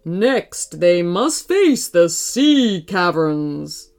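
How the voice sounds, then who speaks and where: A woman voicing an excited race announcer in a children's story, cheering out slow, drawn-out calls. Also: fairly low pitch, pitched below the performer's own voice, exaggerated voice.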